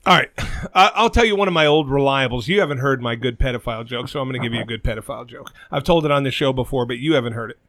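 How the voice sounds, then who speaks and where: A man on a casual podcast, telling crude jokes loudly and laughing at his own punchlines. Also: mid-range voice, very fast, no echo. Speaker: podcast co-host.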